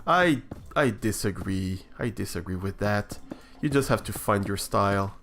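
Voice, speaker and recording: A man's voice: on the low side, animated, measured pace, fairly bright tone, faint music behind. A man streaming a building game, talking over his play in a hesitant, reflective way with many restarts. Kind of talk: casual live-stream chat while building.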